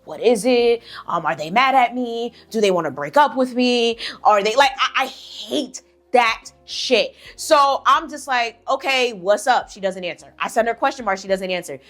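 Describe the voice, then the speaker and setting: A young woman telling a story on her vlog in blunt, profane, sassy casual chat, with animated asides. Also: on the high side, normal speed, soft background music.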